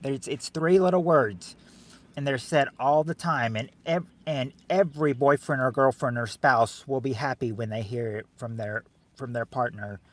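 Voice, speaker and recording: A man hosting a game show game on a livestream, joking with viewers in chat and loudly repeating the answers. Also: medium pitch, moderate pace. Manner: jokey and teasing, calls out answers loudly and repeats them. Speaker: livestream host running a family game show game. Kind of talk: casual livestream chat, reading viewers' guesses.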